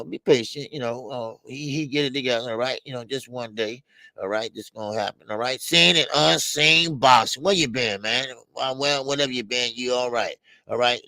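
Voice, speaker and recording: A man hosting a boxing talk live stream, calling out each viewer in the chat by name. His voice is bright and forceful, recorded dry and close with almost no room sound. He drawls his greetings and piles on friendly filler. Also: medium pitch, dry recording. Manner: shout-outs to chat viewers, drawn-out greetings. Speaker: boxing show host.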